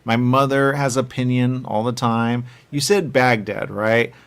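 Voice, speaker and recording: Male interviewer, casual chat, rambling, animated, quotes himself. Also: medium pitch, measured pace, clean tone.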